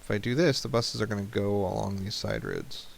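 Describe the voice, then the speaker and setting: Man, gravelly voice, casual gameplay commentary, jokey asides to the game. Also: lowish voice, brisk, a little hiss or hum. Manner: joking, talks to the game. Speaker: let's play host.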